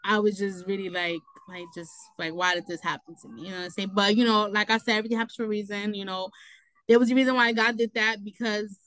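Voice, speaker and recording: A young woman, a guest telling her own story in casual talk, animated and quick to laugh, leaning on "you know" between thoughts. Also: medium pitch, dry recording, low-quality recording. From New York City.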